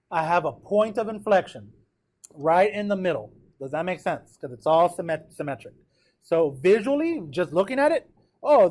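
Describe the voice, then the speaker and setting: A man's voice: a little high, a little mellow. A man teaching a math class in a classroom, talking casually and checking in with his students often. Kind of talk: classroom lecture.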